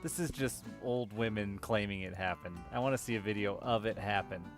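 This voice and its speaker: A man's voice: lowish voice, a little fast. A man streaming a game, chatting casually with wry, profane reactions. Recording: music playing behind the voice.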